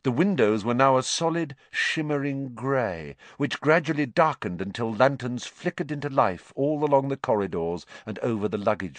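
Man, storybook narrator, lively expressive delivery, fairly low voice, dry close sound. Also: no echo. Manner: expressive, dramatic. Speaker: audiobook reader.

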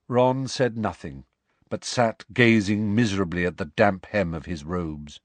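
A man narrating an audiobook in a measured, expressive way. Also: sits low, no echo.

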